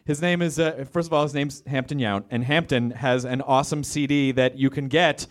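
A man on a comedy club stage telling a quick, profane story and then introducing the next comedian. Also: medium pitch, steady tone. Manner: quick, self-correcting, profane banter. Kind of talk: stand-up set and act introduction. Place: comedy club stage before a live audience.

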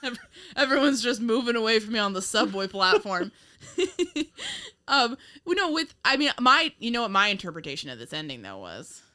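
A woman's voice: fairly high pitch, sing-song, normal speed, sharp tone. A woman co-hosting a casual chat about an old TV show, rambling and giggling often. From United States. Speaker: podcast co-host.

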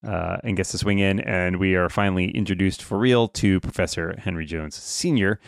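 A man's voice: deep voice, normal speed, vocal fry, dry recording, studio quality. A man hosting a casual podcast about a movie, rambling with many fillers. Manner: rambling, full of fillers and laughs.

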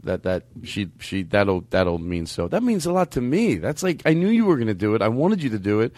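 A man's voice: lowish voice, sing-song, fairly quick, darkish tone, dry recording. A man hosting a podcast, effusive and rambling, with many restarts. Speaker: podcast host. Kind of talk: casual podcast chat.

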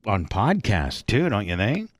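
A man's voice: fairly low pitch, wildly swooping pitch, a little slow, dry recording, studio quality. A man hosting a podcast in casual, crude and profane chat. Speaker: podcast host.

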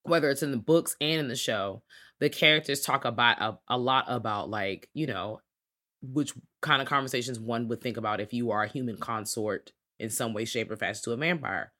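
Bright, animated podcast co-host. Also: mid-range voice, brisk. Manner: animated storyteller, acts out quotes loudly, swears freely. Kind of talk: casual chat.

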